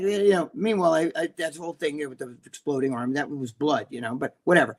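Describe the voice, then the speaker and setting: A man's voice: fairly high pitch, fairly even intonation, brisk, few pauses. A man with a New Jersey accent, co-hosting a casual chat, blunt and profane, rambling with lots of fillers. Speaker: bodybuilding personality, co-host.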